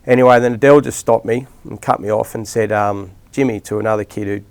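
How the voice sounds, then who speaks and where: Aussie footy coach, middle-aged man, low voice with some fry, chatty and rambling, full of restarts. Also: steady tone, quick pace. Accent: Australian. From Australia. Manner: rambling anecdotes with many restarts and fillers. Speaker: rugby league coach, podcast guest. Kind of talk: casual storytelling interview.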